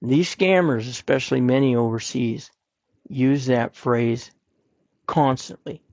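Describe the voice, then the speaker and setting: A man's voice: mid-range voice, measured pace, a little mellow, no echo, dull audio. A man hosting a podcast, giving earnest, plain-spoken advice and repeating his points for emphasis. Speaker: podcast host. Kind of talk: personal advice talk.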